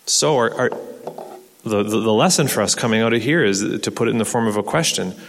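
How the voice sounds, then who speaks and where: A man's voice: on the low side, a little fast, a little hiss or hum. Man, pastor, sermon, earnest, rhetorical questions, repeats words, long hall reverb.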